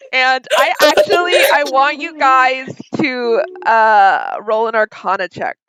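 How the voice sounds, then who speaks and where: A young woman narrating a tabletop game as game master, relaxed and hesitant, with many ums. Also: high-pitched, heavy background noise. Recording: dull lo-fi sound, dry.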